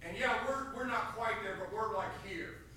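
A male pastor preaching a fiery sermon, emphatic, swinging between shouted passages and hushed ones. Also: high voice, normal speed, slight background noise.

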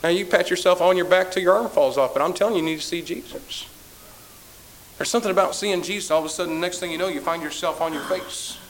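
Male preacher mid-sermon, fervent and repetitive, fairly high voice. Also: quick pace, slight background noise, poor audio. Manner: impassioned, repetitive, swelling to loud peaks then dropping low.

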